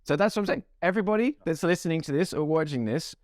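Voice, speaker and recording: A man co-hosting a casual sports podcast, his pitch leaping around as he jokes. He sits a little higher than most men and laughs easily. The sound is close and dry. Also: fast talker, no room sound. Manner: animated, jokey, laughs often. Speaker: podcast co-host. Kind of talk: casual chat.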